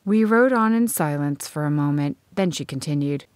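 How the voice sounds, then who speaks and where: A woman narrating a first-person audiobook in a measured storytelling manner. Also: sits low, expressive, darkish tone, no echo.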